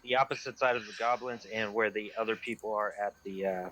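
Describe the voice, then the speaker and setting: A man's voice: fairly low pitch, fairly even intonation, brisk, noisy background. A man playing a tabletop game, casually explaining his plan. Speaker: player.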